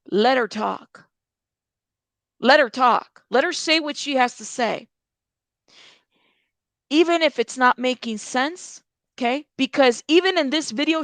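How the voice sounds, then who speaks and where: A woman gives chatty reaction commentary on a true crime video and talks straight to her viewers. Her voice sits a little high. The sound is dry and close to the mic. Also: a bit bright, no echo. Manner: chatty, addresses viewers directly.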